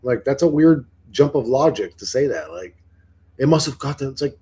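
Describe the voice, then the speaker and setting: Husky-voiced man rambling on a stream. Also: mid-range voice, expressive, brisk, warm tone. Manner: rambling, profane, questioning. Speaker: livestreamer. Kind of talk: casual livestream chat answering viewers.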